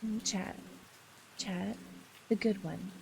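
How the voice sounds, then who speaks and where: A woman streamer chatting playfully with her live audience, laughing often and squealing high when flustered. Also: slow, vocal fry, poor audio. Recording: steady rain noise in the background. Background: rain.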